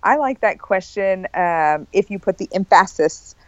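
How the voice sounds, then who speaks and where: A woman's voice: medium pitch, animated, unhurried, dry recording. A woman co-hosting an education podcast, chatting in an upbeat, playful way. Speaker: podcast co-host. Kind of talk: casual chat. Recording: dull dry sound.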